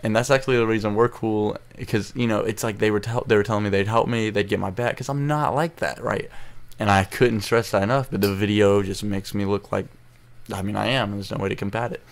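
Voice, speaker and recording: A teenage boy telling a story to camera in a rambling, emotional way, recorded on an earbud mic at low quality. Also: fairly even intonation, a little fast. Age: teens. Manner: rambling, restarts often, emotional. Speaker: vlogger. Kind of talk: casual storytelling vlog.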